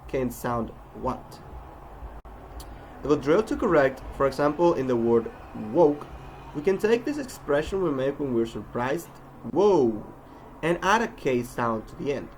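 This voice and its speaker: A man's voice: on the high side, a little hiss or hum. A man giving a pronunciation lesson, carefully enunciating example words one at a time. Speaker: pronunciation teacher.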